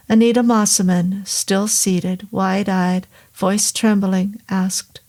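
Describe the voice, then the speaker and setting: A woman hosting and reading a horror story aloud in a slow, measured narration. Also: mid-range voice, little pitch movement, darkish tone. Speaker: audiobook narrator and host.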